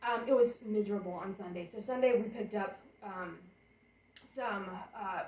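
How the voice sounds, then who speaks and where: A woman's voice: mid-range voice, moderate pace, a little mellow. A young woman, chatting and rambling as she unpacks baby gear in her apartment bedroom for a home vlog. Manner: chatty and rambling, thinks aloud while unpacking. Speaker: vlogger. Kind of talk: casual vlog chat. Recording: roomy sound, camera a bit far off. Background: portable air conditioner hum.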